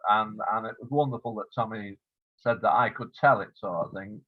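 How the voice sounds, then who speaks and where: An older English man, an author interviewed over a video call, telling stories in a relaxed, reminiscing way with fillers. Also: fairly low pitch, moderate pace. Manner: warm storytelling with fillers, acts out quoted voices. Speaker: author interviewed about his biography. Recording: phone-like lo-fi line.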